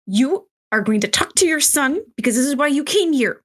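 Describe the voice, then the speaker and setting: A woman's voice: sits high, expressive, brisk, a bit bright. A woman playing her character in a tabletop role-play game, bossy and bold, with casual swearing. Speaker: player.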